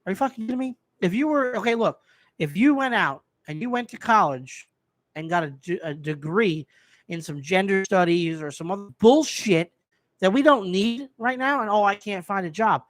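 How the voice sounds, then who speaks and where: A man's voice: high voice, animated, moderate pace, dry recording. A man hosting a live stream, ranting in a heated way and swearing freely. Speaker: host.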